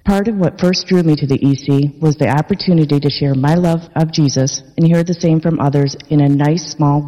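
A woman parishioner reading her personal faith testimony in an earnest, measured way in a church. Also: low-pitched, mellow. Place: large church worship space. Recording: long church reverb.

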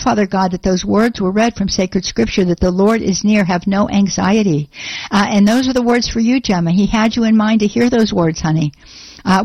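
A woman's voice: mid-range voice, a little mellow, dry recording, muffled recording. A woman radio host in a studio, praying aloud earnestly with many repeated phrases, then chatting with a caller. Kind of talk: spoken prayer and call-in talk.

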